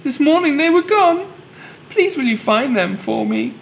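Brief: a man playing a weepy mother dinosaur, storybook read-aloud, pitched way up, gravelly edge. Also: very animated, moderate pace, highs cut off, a little hiss or hum, exaggerated voice. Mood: distraught. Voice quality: high, wailing, tearful. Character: distraught young mother dinosaur, sobbing.

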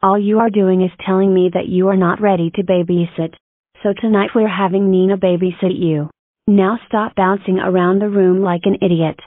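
A woman's voice: medium pitch, steady tone, moderate pace, dry recording, phone-quality sound, close to an everyday voice. A female computer voice playing a cartoon mother who scolds and lectures.

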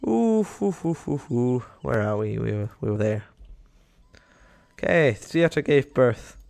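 A man's voice: medium pitch, animated, measured pace, creaky, a little mellow, no echo. A young man giving casual, rambling commentary over a game, talking to the animals on screen and getting exasperated with them. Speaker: gaming YouTuber.

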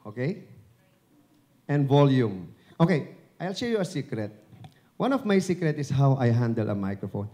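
Warm-voiced Filipino man giving a talk. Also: mid-range voice, expressive, a little slow, long pauses. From Philippines. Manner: chatty and encouraging, joking with the audience. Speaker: dubbing director and broadcaster giving a talk. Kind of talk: live speech at an event. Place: event venue before an audience. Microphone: handheld microphone held at the chin.

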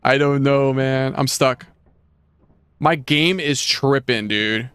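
A man hosting a casual gameplay session, excitable and laughing often as he chats with friends. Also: mid-range voice, slow pace, smooth, no room sound. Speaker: gaming channel host.

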